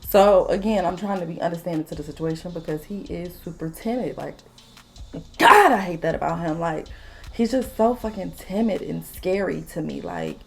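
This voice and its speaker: A woman's voice: fairly low pitch, normal speed, vocal fry. Blunt, profane woman in her late twenties. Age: late 20s. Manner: blunt, profane, animated storytelling. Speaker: vlogger. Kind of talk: casual storytime while doing makeup.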